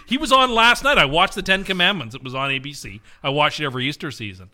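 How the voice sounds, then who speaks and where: Man, high-pitched, animated, very bright, gravelly, playful, defensive banter. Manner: playful, defensive, quick to bluster. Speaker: podcast co-host. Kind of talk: casual chat, doing celebrity impressions.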